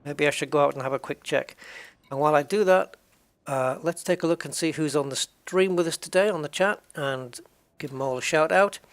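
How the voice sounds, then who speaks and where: A man's voice: fairly high pitch, fairly quick. A tired English man chatting casually on a game livestream, greeting viewers by name with self-mocking jokes. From England. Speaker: streamer.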